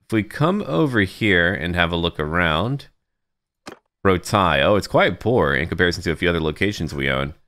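A man's voice: low-pitched, animated, moderate pace, fairly bright tone. A man giving casual let's-play commentary, thinking aloud and talking to his troops as he plays. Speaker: gaming YouTuber.

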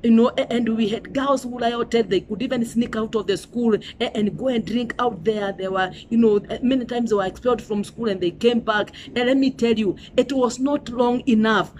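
A middle-aged Kenyan woman delivers a sermon in a fairly high voice. She preaches emphatically and repeats herself, with "you know" and "Hallelujah" running through her speech. A faint hum of ambience sits behind her. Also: normal speed, hardly any pauses, a little mellow.

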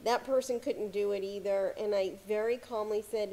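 A woman giving casual motivational advice to camera as a success coach, talking calmly with frequent "you know" fillers. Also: mid-range voice, moderate pace. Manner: calm, conversational, many "you know" fillers.

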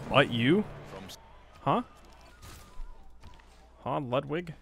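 Chatty self-mocking gamer man, lively pitch. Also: normal speed, long pauses. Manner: chatty, self-mocking, talks back at the game. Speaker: strategy game streamer. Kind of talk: casual Let's Play commentary.

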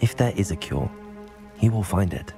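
An actor voicing a polite, earnest young student in a video game. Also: male voice, deep voice, animated, normal speed. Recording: game audio with music behind.

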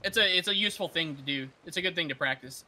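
A man in casual game chat, patiently explaining and giving calm commands to a teammate. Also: on the high side, fast talker, a little hiss or hum. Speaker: experienced teammate guiding a new player.

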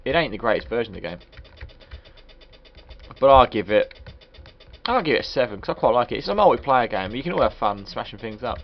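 Man, casual game commentary, crude jokes, rambling, mid pitch, dull lo-fi sound, keyboard clicks behind. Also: big pitch swings, brisk, pauses often. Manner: rambling, crude, joking asides. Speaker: game reviewer. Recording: dull lo-fi recording.

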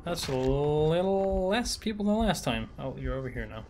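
A man's voice: a little high, big pitch swings, moderate pace, slight background noise. Frustrated man swearing through a shooter game. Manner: frustrated, swearing and shouting at enemies. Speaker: gaming YouTuber. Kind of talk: let's play commentary.

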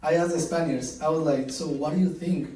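A man's voice: fairly high pitch, fairly even intonation, a little fast, warm tone. A man in the audience tells a story with a hesitant manner, restarting his sentences often. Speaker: audience member. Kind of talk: question from the audience. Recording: echoey room, mic far off.

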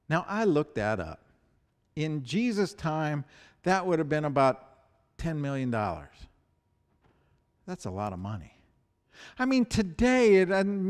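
A man preaching a sermon as pastor, telling a story with restarts and rising emphasis. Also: a little high. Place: church. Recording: echoey church hall.

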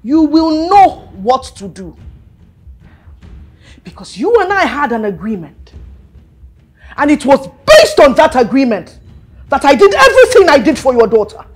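A woman's voice: high-pitched, very animated, unhurried, pauses often, faint music behind. A woman with a Nigerian accent playing a wealthy, domineering middle-aged mother who is scornful and commanding in a film drama. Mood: stern. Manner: scornful, commanding, shouting at times.

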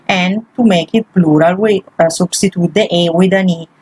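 A woman's voice: lowish voice, steady tone, normal speed, darkish tone, breathy edge, low-quality recording. Woman teaching grammar. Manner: patient, walks through each example step by step. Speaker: Italian language teacher. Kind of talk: explaining grammar exercises.

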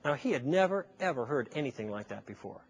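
A man's voice: mid-range voice, lively intonation, quick pace, husky. A man giving a persuasive lecture to a live audience, telling a story and acting out both sides of a conversation with rhetorical questions. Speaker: public speaker.

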